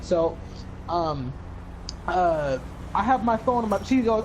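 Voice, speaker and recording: A man's voice: high voice, a little slow, a little mellow, muffled recording, a little hiss or hum. Rambling, foul-mouthed teenage boy. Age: teens. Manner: rambling, profane, quotes others in raised voices. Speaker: storyteller. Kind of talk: casual chat.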